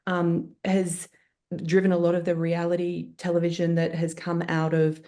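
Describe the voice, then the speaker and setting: A woman speaks as a guest on a panel. Her voice sits low and mellow, and she talks thoughtfully, pausing with fillers and restarting her sentences. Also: monotone. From Australia. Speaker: guest producer. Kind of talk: panel interview.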